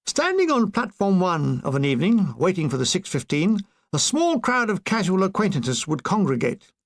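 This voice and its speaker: A man's voice: high-pitched, moderate pace. Man reading a wry war memoir. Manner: wry, expressive storytelling. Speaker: audiobook reader.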